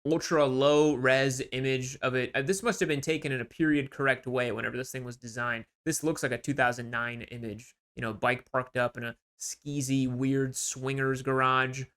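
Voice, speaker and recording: A man hosting a motorcycle channel, giving casual, sarcastic and animated commentary as he mocks online sale listings. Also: mid-range voice, normal speed, hardly any pauses, clear, resonant tone.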